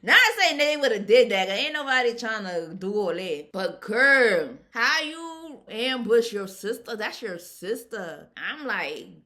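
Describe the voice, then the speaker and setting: A woman giving a casual, animated recap of a reality show episode, chatting colloquially and laughing often. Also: fairly high pitch, a little slow, hardly any pauses.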